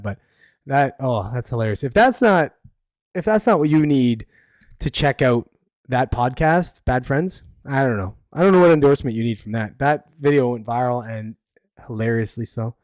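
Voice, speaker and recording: A man's voice: medium pitch, a little fast, a little mellow, no room sound. Man, solo podcast host, loose blunt rambling, dry close sound. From Canada. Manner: rambling, blunt, many fillers. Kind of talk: casual solo commentary.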